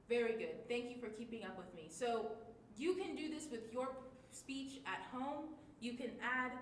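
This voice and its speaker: A woman teaching a livestreamed class, encouraging and marking the tone for each line. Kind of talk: livestreamed class, reading aloud. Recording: echoey room with faint rumble.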